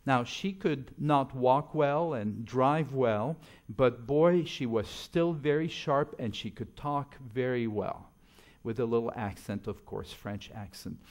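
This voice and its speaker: A middle-aged man preaching in a church, telling stories and swinging between loud emphatic lines and quiet asides. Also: mid-range voice, slow pace. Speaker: pastor. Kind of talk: sermon.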